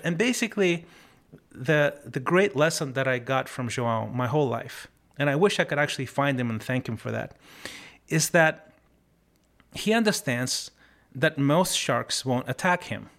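A man hosting a motivational podcast who talks through life lessons in an earnest, reflective way. He tells stories casually, often restarts a phrase and slows down to stress key points. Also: medium pitch, animated, gravelly, a bit bright. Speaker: podcast host.

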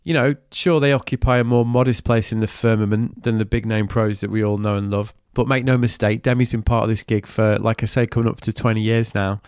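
A Manchester man hosts a podcast with cheeky enthusiasm and casual swearing, moving from a scripted intro into relaxed interview chat, his voice nasal from a cold. It's lowish, darkish and clean, with a steady tone, a slightly fast pace and few pauses. The recording is dry and studio-clean.

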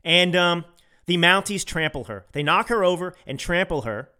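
A man's voice: sits high, lively intonation, normal speed, sharp tone, smooth. A man from the United States hosting a podcast, giving emphatic, ranting political commentary and repeating phrases for effect. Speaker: podcast host.

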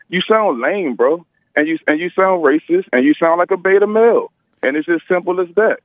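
A male caller heard over a tinny phone line, talking fast. He taunts and brags, repeating his jabs. The sound is dry and phone-like, with no room around it. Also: sits high, animated, dry recording. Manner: boastful, taunting, repeats himself. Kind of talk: heated phone-in argument.

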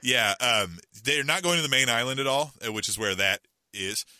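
A man's voice: mid-range voice, moderate pace, sharp tone, dry recording. A middle-aged man co-hosting a podcast, telling a rambling, self-mocking story in casual chat with lots of fillers. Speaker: podcast co-host.

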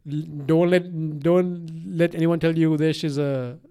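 A man co-hosting a podcast in casual chat, rambling and animated, swearing and laughing often, with a mixed accent that has a slight Eastern European tinge. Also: fairly high pitch, a little slow, clear, resonant tone. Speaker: podcast co-host.

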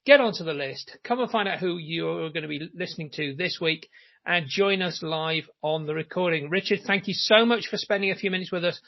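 A man's voice: a little high, brisk, gravelly, lo-fi sound. A man hosting a casual interview podcast, chatty and full of fillers. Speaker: podcast host.

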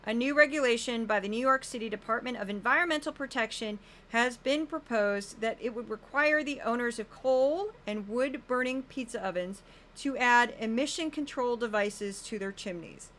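A woman from the US Midwest hosting a political commentary podcast in an animated, sarcastic, jokey way. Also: fairly high pitch, moderate pace. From St. Louis, US Midwest. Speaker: podcast host.

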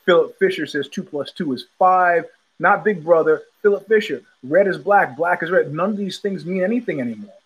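A man's voice: high voice, brisk, slightly rough, low-quality recording. A man hosting a podcast, telling a casual rambling story with many restarts and repetitions. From United States. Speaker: podcast host.

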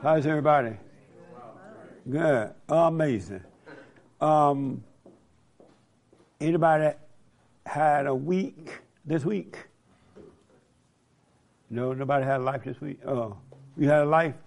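A man leading a church group discussion, upbeat and drawing people in with questions. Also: fairly high pitch. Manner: upbeat, quick affirming replies. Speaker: group leader.

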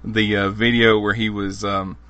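A man leads a relaxed group chat with a lowish, bright, forceful voice. He rambles and laughs easily as he passes the turn to the others. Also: moderate pace, no room sound, highs cut off. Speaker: podcast host. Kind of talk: casual chat.

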